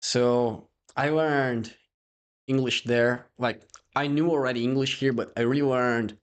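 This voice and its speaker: A man's voice: medium pitch, a little slow, clear, resonant tone. A young Brazilian man with a Brazilian Portuguese accent, a guest chatting casually in English and acting out voices in his stories. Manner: animated storyteller who acts out quoted voices. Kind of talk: casual interview chat in English.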